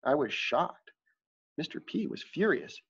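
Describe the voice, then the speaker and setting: A man's voice: on the high side, animated, a little slow, a bit bright, slightly rough. A man reading a first-person audiobook in a plain, confessional storytelling manner, in a dull lo-fi recording. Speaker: audiobook narrator.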